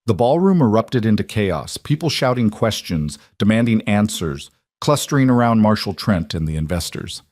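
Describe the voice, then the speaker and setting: A man narrating a western story in a measured, dramatic way. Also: on the low side, big pitch swings, a little mellow, no room sound, clean studio sound. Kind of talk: scripted narration.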